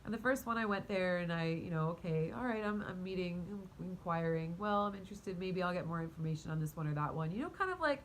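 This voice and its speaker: A woman tells a rambling personal story straight to her viewers, full of fillers and restarts, with an animated lilt. Her voice sits a little low. A faint rumble hums behind her. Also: fast talker, hardly any pauses, poor audio. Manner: talks to her cat mid-story. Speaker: vlogger and spiritual coach. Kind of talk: casual storytelling to camera.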